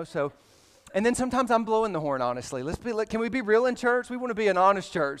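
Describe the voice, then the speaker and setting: Southern guy pastor preaching, kinda high voice, jokes around a lot, long echo in the church. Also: a little fast, clean tone. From Alabama. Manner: casual, joking, animated preaching. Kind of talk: sermon. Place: church sanctuary. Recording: reverberant church hall.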